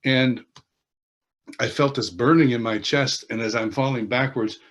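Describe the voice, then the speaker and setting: A man interviewed as an author, telling a personal faith testimony in an earnest, halting way that often restarts sentences. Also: mid-range voice, fairly even intonation, a bit bright. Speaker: interviewed author and worship leader.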